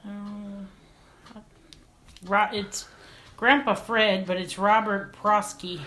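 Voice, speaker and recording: A woman's voice: mid-range voice, fairly even intonation, bright, forceful tone. Chatty woman in a roomy space. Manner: chatty, quick interjections. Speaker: podcast co-host. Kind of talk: casual movie review chat. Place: guests' home, remote location.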